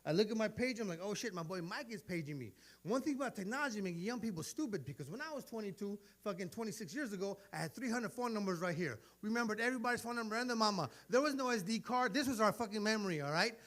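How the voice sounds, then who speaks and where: A comedian in his forties, high-voiced and quick, works a live comedy venue with a profane set. He spins stories animatedly and imitates the people in them.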